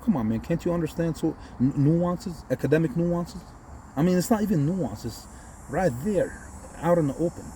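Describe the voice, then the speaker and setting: A man from Egypt tears into a post-game breakdown with combative, profane heat. His voice sits a little high yet stays warm and mellow. Faint outdoor night sounds of crickets and passing cars hum behind him. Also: animated, normal speed. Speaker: sports vlogger. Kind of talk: heated post-game rant.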